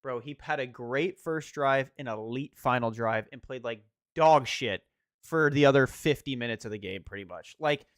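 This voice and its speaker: A young man in casual sports chat, animated and swearing as he rants about football. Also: mid-range voice, moderate pace, dry recording, studio quality. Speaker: podcast co-host.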